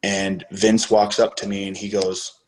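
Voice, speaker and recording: A man's voice: on the low side, flat delivery, a little slow, darkish tone, a little hiss or hum. A man guest on a podcast interview, retelling past events in a casual, profane way and acting out the dialogue as he goes. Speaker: podcast guest, former wrestler.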